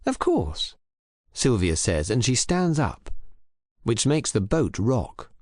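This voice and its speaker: Man reading a crime audiobook, clear and measured, dry close sound. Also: medium pitch, big pitch swings, darkish tone, no echo. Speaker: audiobook reader. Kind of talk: scripted narration for English learners.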